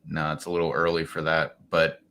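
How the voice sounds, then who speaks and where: A man's voice: extremely low pitch, monotone, a little fast, fairly bright tone, clean tone. A man hosting a livestream, chatting easily and saying "like" constantly. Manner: easygoing, filler-heavy, says "like" constantly. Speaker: livestream host. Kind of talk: casual late-night chat.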